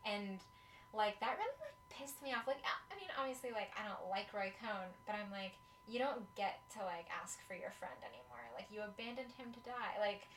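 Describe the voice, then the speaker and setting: A woman's voice: mid-range voice, expressive, normal speed, fairly bright tone, distant mic, slight background noise. A woman from the United States co-hosting a casual chat, talking in a chatty way with many fillers and some swearing. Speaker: podcast co-host. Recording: echoey room, off-mic with faint ambience.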